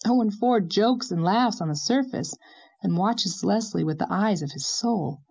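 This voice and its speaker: A woman's voice: mid-range voice, lively intonation, a little slow, creaky, darkish tone, slightly rough, exaggerated voice. A woman voicing a young husband who wryly teases his wife. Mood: teasing. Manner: joking, wry. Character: young husband, teasing and curious. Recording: dull lo-fi recording.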